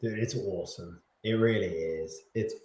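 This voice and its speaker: A man, a pop singer being interviewed, telling stories in an animated, casual way and repeating words while he thinks. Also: low-pitched, normal speed. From Australia. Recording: echoey room.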